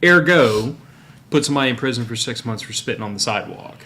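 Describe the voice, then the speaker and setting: Man, podcast host, casual chat, sarcastic ranting, mid-pitched voice. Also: expressive, quick pace, sharp tone. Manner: sarcastic, opinionated rants.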